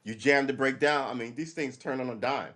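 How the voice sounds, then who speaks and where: A man's voice: medium pitch, a bit bright. Rambling, profane middle-aged man. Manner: rambling and profane, acts out quick imagined dialogue. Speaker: live stream host. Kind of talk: casual live commentary, reacting to a news article.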